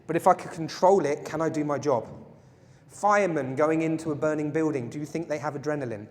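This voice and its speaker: A man teaching a live self-defense class, his voice a bit high for a man. He jokes with the group and keeps quizzing them. The sound rings through a large hall with a long reverb. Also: brisk. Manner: playful, jokey, asks the audience questions. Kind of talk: live workshop lecture to a group. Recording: echoey hall.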